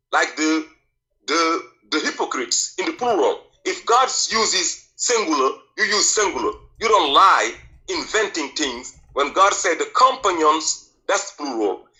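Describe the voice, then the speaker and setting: Bright, insistent male caller. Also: fairly high pitch, low-quality recording. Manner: insistent, combative, demands to finish. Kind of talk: heated call-in debate.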